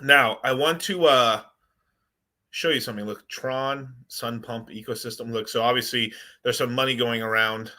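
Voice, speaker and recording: Brief: bright-voiced male streamer, rambling and excitable, casual commentary. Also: mid-range voice, moderate pace. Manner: rambling, excitable, chats with viewers. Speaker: crypto livestream host.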